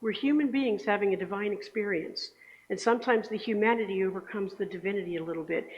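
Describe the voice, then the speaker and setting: A woman talks fast in a medium-pitched voice while giving the Sunday message in a church sanctuary. She keeps it chatty, often seeking the congregation's agreement. The hall echoes, and the sound is dull and lo-fi.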